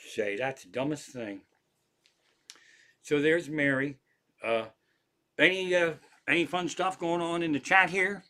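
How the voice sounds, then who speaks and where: A comedian livestreams from an armchair at home, spinning rambling, animated stories laced with frequent swearing. His voice sits a little high and moves at a moderate pace in this casual storytelling.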